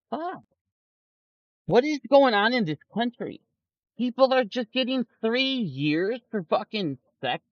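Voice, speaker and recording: Streamer type, man, angry and profane ranter, swings his pitch around, dull lo-fi sound. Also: no room sound. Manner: profane, angry ranting with frequent swearing; mocking put-on voices for quoted people. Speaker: stock market streamer. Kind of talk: ranting livestream commentary. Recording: dull lo-fi audio, dry.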